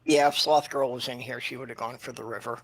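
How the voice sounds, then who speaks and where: A man's voice: mid-range voice, steady tone, fast, poor audio. A man co-hosting a casual podcast chat, with dry, wry remarks. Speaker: podcast co-host.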